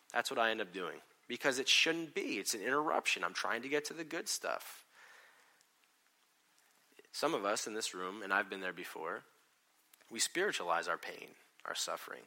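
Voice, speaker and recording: A man preaching a sermon in a church, swinging between loud emphatic declarations and quiet asides, and acting out what people say. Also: fairly low pitch, very animated, moderate pace, pauses often. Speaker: pastor. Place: church hall with congregation.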